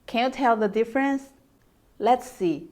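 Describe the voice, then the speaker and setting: A woman with a Mandarin Chinese accent teaching an introductory language lesson, slowly and patiently demonstrating sounds and tones. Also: on the high side, animated, a little mellow.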